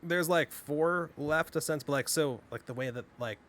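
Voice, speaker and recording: A man running a tabletop game as game master, explaining rules in a rambling way with lots of fillers and sudden fast bursts. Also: a little high, a bit bright, soft background music.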